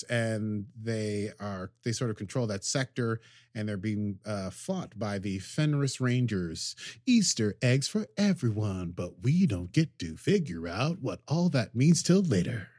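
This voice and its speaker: A man's voice: mid-range voice, expressive, takes it slowly, darkish tone, dry recording, studio quality. Jokey rambling man recapping an episode. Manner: rambling, jokey, acts out characters' lines. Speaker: podcast co-host. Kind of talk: casual recap chat.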